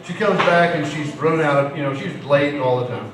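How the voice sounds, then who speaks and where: A man's voice: fairly high pitch, brisk. A middle-aged man, telling rambling, folksy stand-up stories about married life. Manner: rambling, folksy storytelling with restarts. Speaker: stand-up comedian. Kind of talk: amateur stand-up comedy. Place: live comedy venue. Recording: echoey room, distant mic, noisy ambience.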